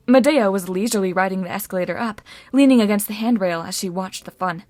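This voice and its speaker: A woman reads an audiobook in a steady storytelling voice. Her pitch sits in the middle range. The recording is dry and close. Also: fast talker, hardly any pauses, no echo. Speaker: audiobook narrator. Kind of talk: audiobook narration.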